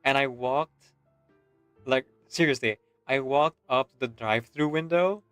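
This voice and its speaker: A man's voice: medium pitch, a little slow, a bit bright, smooth, no echo, soft background music. A man streaming a game, telling a rambling story in casual voice chat and laughing as he goes.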